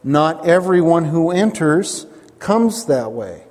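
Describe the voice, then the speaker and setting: A man's voice: fairly high pitch, sing-song, takes it slowly, a little mellow, big-room sound. A man preaching a sermon as pastor, emphatic, repeating his lines and asking the congregation questions.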